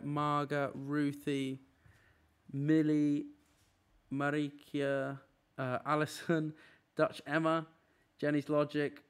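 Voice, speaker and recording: A young man with a slightly high voice chats casually on a live stream from a room. He runs through a long list of names quickly, with plenty of fillers along the way. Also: clean tone. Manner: rattling off names in a quick run. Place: apartment room.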